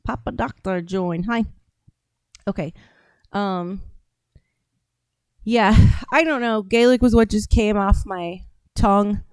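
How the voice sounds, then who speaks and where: American woman, live stream host; smooth, dry close voice; rambling, conversational comment reading. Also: medium pitch, slow, pauses often, no echo. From United States. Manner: rambling, conversational, reads viewer comments aloud. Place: home studio.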